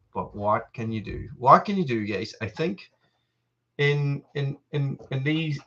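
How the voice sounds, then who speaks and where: A man's voice: medium pitch, takes it slowly, bright, forceful tone, lo-fi sound. A middle-aged Irish man hosting a casual live stream from his home, a little out of breath, rambling and greeting viewers by name. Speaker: livestream host. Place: family home.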